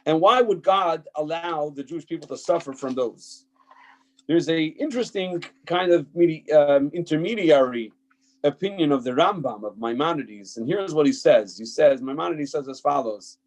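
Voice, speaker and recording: A man's voice: fairly high pitch, expressive, normal speed, a little mellow, low-quality recording. A man teaching a Torah text class as a rabbi, reading passages aloud and explaining them emphatically with frequent fillers and restarts. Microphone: checks if listeners can hear him.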